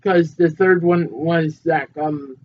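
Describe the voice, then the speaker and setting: A man's voice: fairly high pitch, steady tone, takes it slowly. Easygoing young man, rambling chat. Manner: rambling, easygoing, hesitant fillers. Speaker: podcast co-host. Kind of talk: casual podcast chat. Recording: dull lo-fi mic with faint noise.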